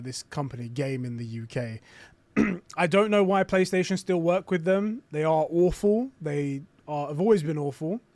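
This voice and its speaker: Male streamer, casual live chat, fairly high voice, dry close sound, swears a lot. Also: no room sound. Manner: excitable, swears often, reacts aloud while reading.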